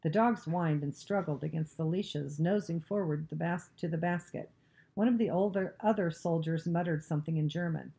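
A woman narrating a novel, reading aloud in a steady, even storytelling manner. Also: low-pitched, moderate pace, gravelly.

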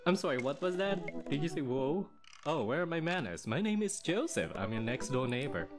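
A bright, overly friendly suburban dad next door, as a man puts him on for a game playthrough. He sounds chipper and eager and pitches his voice up a little. Loud game music plays underneath. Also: very animated, normal speed. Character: cheerful clean-cut male neighbor dad, youth minister.

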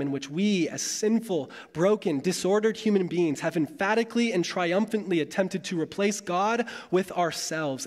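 A male pastor with a slightly high voice delivers his sermon in a measured, dramatic way, leaning into long pauses. His voice carries a lingering reverb from the hall around him.

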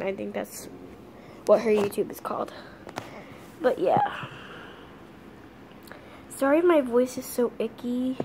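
A teenage girl vlogging casually from her home kitchen, talking earnestly with halting restarts. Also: fairly high pitch, darkish tone, slight background noise.

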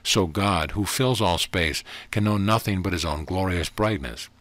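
A man with a deep voice reading the lines of a calm, earnest young woman who explains her faith gently and steadily, recorded dry. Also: moderate pace, no echo.

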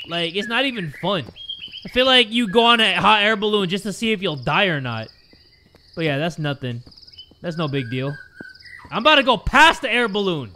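A young man commentating on a horror game, goofy and excitable, swearing often and joking to his viewers. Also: sits high, normal speed, slight background noise. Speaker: gaming YouTuber.

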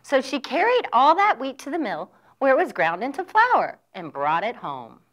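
A woman telling a folk tale to children, with expressive, sing-song, drawn-out phrasing. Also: high voice. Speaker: children's storyteller. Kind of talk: storytelling for children.

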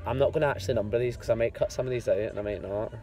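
A young man vlogging from a car with a handheld camera, deadpan and sarcastic. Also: mid-range voice, racing. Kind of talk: casual vlog narration. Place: in a moving car. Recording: loud road noise in a car.

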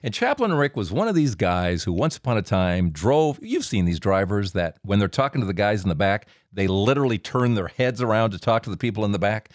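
A man hosting a storytelling podcast, animated and playful, teasing himself between stories. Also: fairly low pitch, fairly quick, hardly any pauses, no echo, clean studio sound. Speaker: podcast host.

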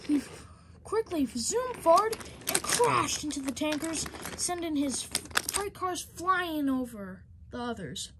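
A young woman reads out a homemade train story in plain, repetitive sentences. Her voice sits high. Faint clicks sound in the background. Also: expressive, takes it slowly, noisy background. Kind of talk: amateur story narration.

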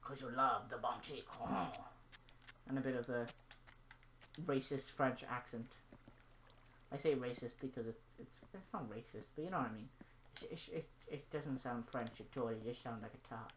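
A low-pitched young woman talks through her gaming vlog. She rambles from topic to topic and stays silly and playful while she plays. A faint hiss sits under her voice. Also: normal speed. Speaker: gaming channel host. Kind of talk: casual gaming vlog commentary.

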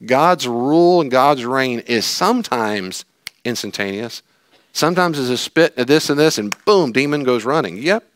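A male pastor giving a lively sermon, telling stories and acting out voices with jokes. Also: medium pitch, normal speed, dry recording. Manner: animated, jokey storytelling with acted-out voices.

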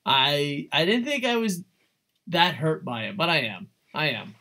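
A man streaming a video game, chatting casually with viewers in an excitable, rambling way, swearing often and poking fun at himself. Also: fairly high pitch, measured pace. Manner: excitable, rambling, swears a lot, self-mocking. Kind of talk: casual live-stream chat while gaming.

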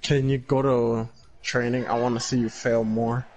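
Excitable young guy gaming with a friend. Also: medium pitch, normal speed. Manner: excitable, teasing, lots of exclamations. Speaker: gamer playing with a friend. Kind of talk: casual gaming chat.

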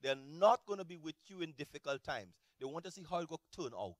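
A man preaching a sermon as a pastor, animated, swinging between shouted peaks and low, quiet asides. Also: brisk, dry recording.

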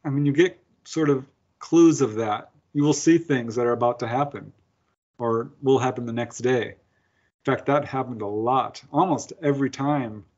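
A man's voice: mid-range voice, moderate pace, darkish tone, dull audio. A man, a guest author, telling stories in a casual interview, laughing often and acting out his own lines.

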